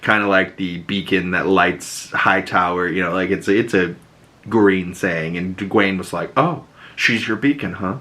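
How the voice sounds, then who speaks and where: A man hosting a podcast, recapping a TV episode in loose, profane casual talk and slipping into quick acted quotes of the characters. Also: low-pitched, little pitch movement, bright, forceful tone. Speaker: podcast host.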